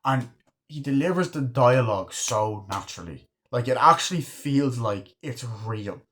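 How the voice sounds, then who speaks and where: A man's voice: medium pitch, expressive, moderate pace, a bit bright, a little hiss or hum. Rambling, foul-mouthed male film reviewer. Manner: rambling, swears freely, retells scenes. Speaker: movie reviewer. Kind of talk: casual spoken film review.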